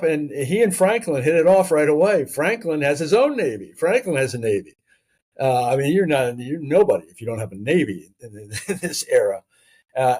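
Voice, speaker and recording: Male author guest, warm mellow voice, unhurried storyteller who pauses on fillers. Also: medium pitch, husky. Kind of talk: conversational history interview.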